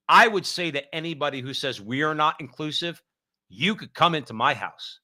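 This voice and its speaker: A man co-hosts an opinionated talk show with a bright, ringing voice. He talks emphatically and hammers his points home through repetition. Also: fairly high pitch. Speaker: co-host.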